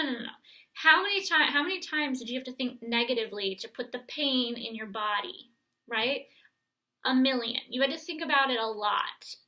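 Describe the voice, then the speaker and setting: A woman coaching viewers through a guided self-help exercise, speaking gently and straight to the viewer. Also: a little high, low-quality recording.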